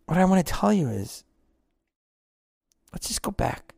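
A man rants his way through a podcast monologue, blunt and salted with profanity. His voice has a gravelly edge, and it sits close and dry on the mic with no room sound. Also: sits high, very animated, unhurried, darkish tone, no room sound. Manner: blunt, profane, rambling rant. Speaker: podcast host; actor on tour. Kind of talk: casual monologue.

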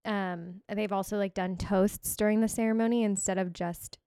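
A woman co-hosting a podcast, talking in a chatty, animated way full of "like". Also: medium pitch, moderate pace, clean tone, no echo, clean studio sound. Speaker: podcast co-host. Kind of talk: casual chat.

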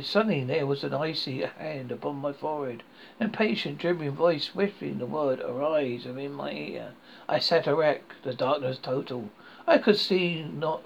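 A man reading a horror story aloud, halting and often stumbling over words, on a dull lo-fi recording. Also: on the high side, vocal fry, a little hiss or hum. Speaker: horror podcast host and reader.

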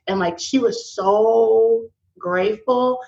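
A woman guest in a casual talk about faith, telling stories in a slangy, lively way with frequent laughter. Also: on the high side, takes it slowly, gravelly. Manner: animated storytelling with laughs. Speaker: podcast guest. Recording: dull lo-fi sound.

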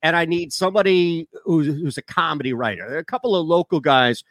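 A man co-hosting a sports radio show, telling long, animated stories in casual talk. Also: fairly high pitch, fast, no room sound. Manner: rambling, animated storyteller.

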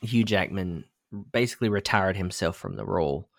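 A man's voice: low voice, normal speed, gravelly, no room sound, clean studio sound. A young man co-hosting a podcast, talking in a loose, rambling way and swearing casually. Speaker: podcast co-host. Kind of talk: casual chat.

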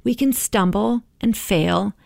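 Encouraging woman with a gravelly edge. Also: mid-range voice, slow, no echo, studio quality. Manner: warm, encouraging, often adds "right?". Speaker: podcast host. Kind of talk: motivational podcast talk.

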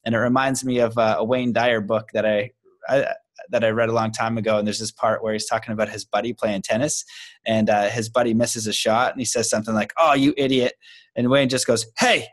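Relaxed male podcast host. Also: fairly low pitch, no echo. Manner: relaxed storyteller, slows down for emphasis. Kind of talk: casual conversation.

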